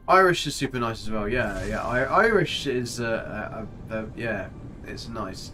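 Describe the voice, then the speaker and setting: A man's voice: lowish voice, animated, moderate pace, hardly any pauses, sharp tone. A man chatting casually while streaming a game, joking, rambling and answering his chat as he plays. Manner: chatty, jokey, rambling, reads chat aloud. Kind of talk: casual live-stream commentary. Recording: faint music behind.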